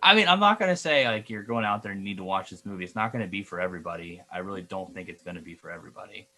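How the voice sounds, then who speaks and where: A man's voice: low-pitched, animated, rapid-fire, bright, forceful tone. A man co-hosting a podcast, chatting casually about movies, hesitant, with frequent restarts and fillers. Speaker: podcast co-host. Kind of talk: casual chat.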